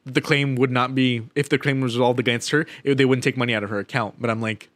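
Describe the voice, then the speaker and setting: A young man co-hosting a casual podcast, telling profane, animated stories about annoying customers. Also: medium pitch, fast talker, dry recording. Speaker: podcast co-host. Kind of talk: casual chat, storytelling.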